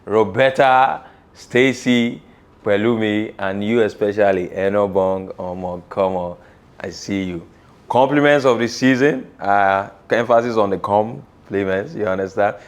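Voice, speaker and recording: Teasing and lively, this Nigerian-accented man delivers a comedy sports news bit, dropping Yoruba phrases into it. He has a lowish voice and speaks at a measured pace.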